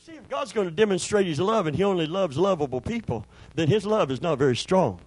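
A man preaching with a high voice, calling for amens and building to loud shouts before dropping to a hushed tone. The sound is close and dry, with no room echo. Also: animated, a little fast, slightly rough. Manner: preaching with call-and-response, rising to shouts then dropping low. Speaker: pastor. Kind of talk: sermon.

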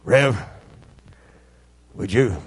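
A man voicing his old foreman, a gruff working lineman, in a low plain drawl. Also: very slow, dry recording, heavily acted. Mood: earnest.

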